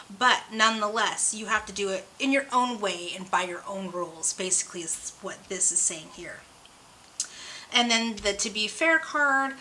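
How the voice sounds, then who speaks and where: A woman's voice: medium pitch, pushed and bright, a little hiss or hum, poor audio. A young adult woman hosting her own channel, chatting casually and rambling a little in a bubbly, slightly hyper way while she reads oracle cards. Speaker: oracle card reader and channel host.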